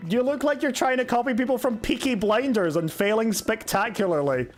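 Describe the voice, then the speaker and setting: Over soft background music, a young gamer streams and chats casually, firing back at his chat with sarcasm and curses. He speaks a little fast in a very high-pitched voice.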